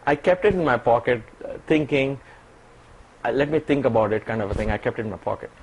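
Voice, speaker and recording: Guy with a husky voice telling a story in an interview, animated, laughs a lot. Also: medium pitch, fast talker, rough recording. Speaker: interview guest. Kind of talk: personal storytelling.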